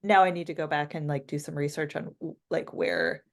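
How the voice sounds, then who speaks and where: A woman's voice: low-pitched, a little fast, creaky. An American woman co-hosting a podcast in casual, playful chat. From United States. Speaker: podcast co-host.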